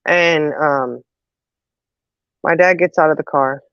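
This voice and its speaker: Lively woman telling family stories. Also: deep voice, slow, smooth, no echo. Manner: animated, laughs often, acts out quotes. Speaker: host. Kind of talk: casual storytelling chat. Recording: dull lo-fi audio.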